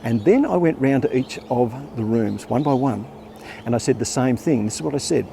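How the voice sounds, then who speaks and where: A man in his sixties tells a personal anecdote with playful energy. His gravelly voice moves fast and swings up and down freely, sitting a little high for a man. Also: a little hiss or hum. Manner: animated, playful storyteller. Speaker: storyteller, former primary school teacher.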